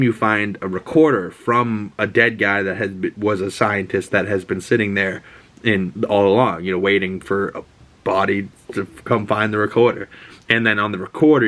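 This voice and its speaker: A man excitedly recapping a TV episode in a casual, rambling way, with many fillers and restarts. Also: fairly low pitch, normal speed. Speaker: show recap host.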